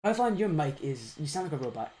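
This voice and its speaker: A man's voice: on the high side, sing-song, quick pace, warm tone, slight background noise. Upbeat joking man casting esports. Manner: upbeat, joking, self-mocking. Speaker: esports caster and host. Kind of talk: live game commentary on a stream.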